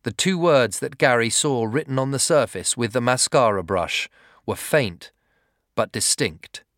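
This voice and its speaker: A man reads a story in a measured, steady way. His pitch sits in the middle range, neither high nor low. The recording is dry and close, with no room sound. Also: no echo. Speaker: narrator. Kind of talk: scripted narration.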